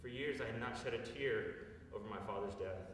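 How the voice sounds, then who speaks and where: A man's voice: on the low side, fairly quick, fairly bright tone, slight background noise. A man in his thirties telling a personal story in an earnest, confessional way at a live storytelling show. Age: 30s. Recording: echoey live hall from far off.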